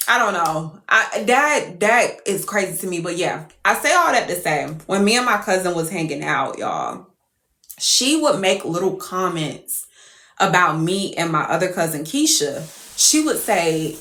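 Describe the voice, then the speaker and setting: Young woman, profane storytime rant, lively pitch, echoey room. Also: a little slow. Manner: profane, animated, exasperated, laughing. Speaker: TikTok creator.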